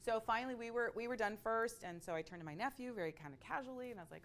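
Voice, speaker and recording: A woman telling a personal story in a conversational, expressive way, with frequent asides to her listeners. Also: fairly high pitch, rapid-fire, slight background noise. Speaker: speaker sharing a personal story.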